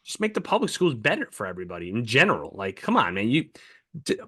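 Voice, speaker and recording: A man's voice: medium pitch, wildly swooping pitch, quick pace, sharp tone, husky, no room sound, studio quality. A man co-hosting a podcast, ranting heatedly and swearing a lot in casual chat. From United States. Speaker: podcast co-host.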